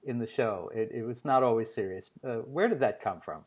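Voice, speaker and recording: A man hosting a casual interview, talking in a chatty, joking way with plenty of fillers. His pitch is ordinary for a man. He moves easily between banter and questions. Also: brisk. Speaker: interview show host.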